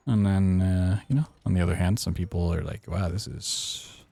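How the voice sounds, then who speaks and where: A young man casually chatting to his viewers while speedrunning a game, relaxed and playful. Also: low-pitched, brisk, creaky. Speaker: speedrunning streamer. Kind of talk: casual live-stream commentary while playing.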